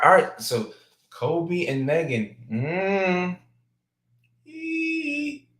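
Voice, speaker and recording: A man chatting casually as a talk show guest, playful and joking at times, halting and hesitant at others. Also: medium pitch, a bit bright, echoey room, rough recording. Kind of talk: casual chat.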